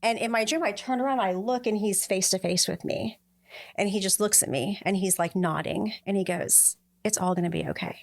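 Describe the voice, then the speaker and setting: A middle-aged woman speaks as a podcast guest and tells a personal story from the heart. Her voice sits at a medium pitch. When she quotes other people, she lifts it into livelier voices. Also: normal speed.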